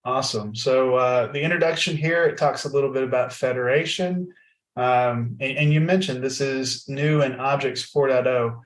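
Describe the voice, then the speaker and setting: A man hosting a tech podcast in a casual, friendly way, often pausing with fillers. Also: mid-range voice. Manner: friendly, halting, many fillers. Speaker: podcast host.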